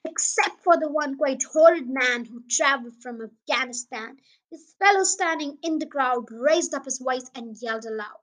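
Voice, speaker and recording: A young girl with a high, bright voice reads a children's poem for her podcast. She recites eagerly in a sing-song storyteller's lilt. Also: normal speed, low-quality recording. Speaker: podcast host and reader. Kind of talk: reading a children's poem aloud.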